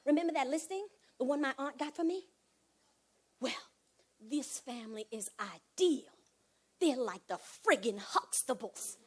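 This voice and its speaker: A middle-aged woman performs a one-woman stage show in a theater, telling sassy comic stories and acting out the people in them. Her voice sits high, with a slightly slow pace and a breathy edge, and her delivery is animated and full of mimicry.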